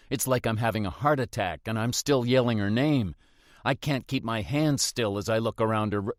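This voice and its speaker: Low-voiced man reading tense suspense. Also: no echo, studio quality. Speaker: audiobook narrator. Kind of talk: first-person scripted narration.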